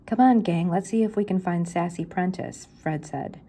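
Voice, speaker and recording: A woman's voice: on the low side, normal speed, mellow, breathy edge. An older woman, a grandmother, reading a children's mystery book aloud and lifting her voice for the characters' lines.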